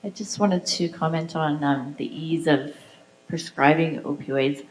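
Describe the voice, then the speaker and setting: A woman's voice: deep voice, unhurried, slight background noise, low-quality recording. A woman doctor on a conference panel, commenting in a precise, clinical way. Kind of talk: panel discussion.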